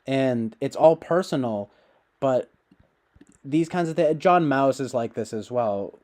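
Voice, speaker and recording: A man's voice: mid-range voice, animated, slow pace, a little mellow. A man chatting casually to his livestream viewers, meandering with many fillers and restarts. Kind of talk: casual rambling livestream chat.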